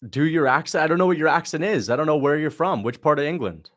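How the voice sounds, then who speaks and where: A man's voice: a little high, fast talker, fairly bright tone. A man hosting a casual watch-along livestream, chatting in a slangy way and answering viewers' questions. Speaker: livestream host.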